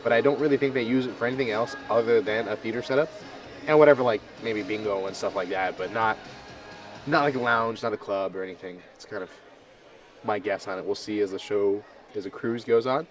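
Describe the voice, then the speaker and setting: A man casually explaining a cruise ship show to his viewers in a relaxed vlog style. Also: medium pitch, fairly quick, distant mic, faint music behind. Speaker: cruise vlogger.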